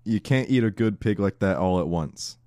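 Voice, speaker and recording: A man doing an impression of a comedian, telling a meandering joke in a slow deadpan way. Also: on the low side, dry recording, clean studio sound, close to an everyday voice.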